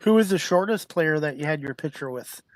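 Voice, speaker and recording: A man's voice: fairly high pitch, animated, a little fast, no echo. A man hosting a talk show, asking his guest direct questions. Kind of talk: interview questions.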